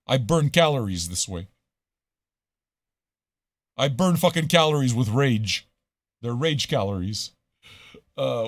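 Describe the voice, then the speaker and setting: Male radio host, profane rambling rant, voice sits a bit high, dry close sound. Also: no room sound. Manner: profane, ranting, swings from loud to muttering. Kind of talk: casual live radio rant.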